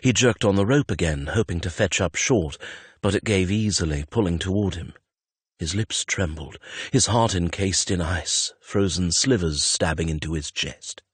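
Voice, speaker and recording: A man's voice: low-pitched, moderate pace, slightly rough, no room sound. A man reading a romance audiobook in a tense, dramatic narration on a close studio mic. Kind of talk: scripted narration.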